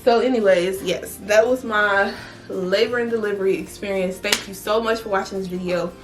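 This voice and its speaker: A young woman vlogger, telling her story in a blunt, profane, animated way. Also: medium pitch, moderate pace, soft background music. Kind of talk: casual storytelling vlog.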